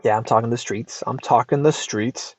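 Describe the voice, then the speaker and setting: An American man hosting a casual advice podcast, reacting to a post in an emphatic, lively way and swearing freely. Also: mid-range voice, moderate pace, no room sound. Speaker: podcast host. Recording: dull lo-fi dry sound.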